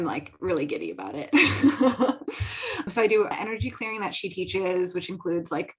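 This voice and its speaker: A woman's voice: fairly low pitch, rough recording. A young woman from the American Midwest hosting her own podcast, talking casually and giggling between thoughts. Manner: chatty, giggly, filler-heavy. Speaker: podcast host. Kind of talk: casual solo talk. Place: home studio.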